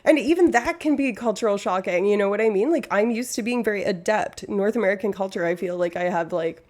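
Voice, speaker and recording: A woman's voice: mid-range voice, a little fast, darkish tone. Chatty young woman live-streaming. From Canada. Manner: rambling, self-interrupting, chatty, swears casually. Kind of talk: casual live-stream chat with viewers.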